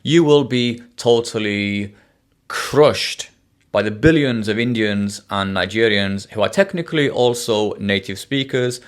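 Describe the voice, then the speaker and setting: A man vlogging casually as an online English teacher, joking and sarcastic at his own expense, rambling with restarts. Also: lowish voice. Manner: jokey, self-mocking and sarcastic. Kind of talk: casual talking-head vlog.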